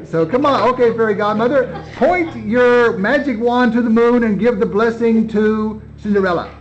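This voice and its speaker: High-voiced man coaxing kids through a play. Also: normal speed, faint music behind. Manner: coaxing, encouraging, repeating praise. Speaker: director and narrator of a children's home play. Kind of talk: coaching children through a rehearsal while filming. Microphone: handheld camera mic. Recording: slightly dull lo-fi camera audio with faint noise.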